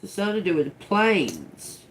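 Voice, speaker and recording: A woman's voice: lowish voice, wildly swooping pitch, moderate pace, a little hiss or hum. A middle-aged woman giving a casual, profane live tarot reading, muttering single words as they come to her and giggling often. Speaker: tarot reader on a livestream.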